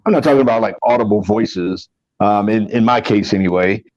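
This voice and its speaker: A man's voice: on the low side, a little fast, darkish tone, no echo, highs cut off. A man telling a personal story in a casual podcast chat. He rambles earnestly, restarts often and keeps saying "man.". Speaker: podcast co-host.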